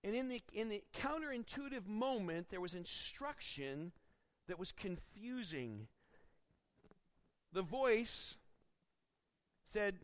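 A man's voice: high voice, slow, long pauses. A man preaching a sermon, reading scripture and acting out the people in it. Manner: expository preaching with acted-out quotes; animated, rising when dramatizing. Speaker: pastor.

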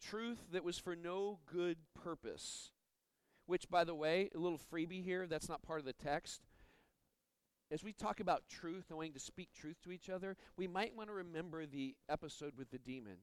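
A man's voice: fairly high pitch, normal speed, clear, resonant tone, no room sound, poor audio. A man preaching a sermon, earnest, often stumbling and repeating words as he explains a passage. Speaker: pastor.

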